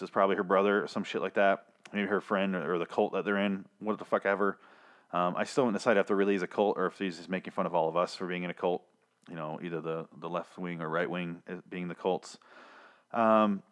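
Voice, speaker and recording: A man recapping a TV episode in a casual monologue, swearing often and ranting in exasperation, with frequent fillers. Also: low voice. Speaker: TV episode reviewer.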